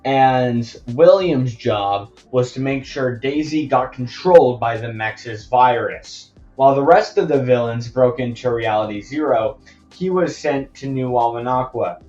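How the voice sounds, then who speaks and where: A man's voice: medium pitch, measured pace, a little mellow. A young man narrates a story casually, rambling and chatty with many asides. His voice sits mid-range for a man. A muffled lo-fi mic and faint music sit behind him. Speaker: fan storyteller.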